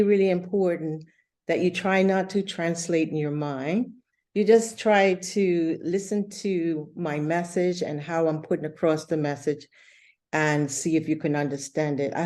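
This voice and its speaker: A woman teaching an English lesson over a video call, explaining slowly and patiently with many fillers. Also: deep voice, fairly even intonation, warm tone.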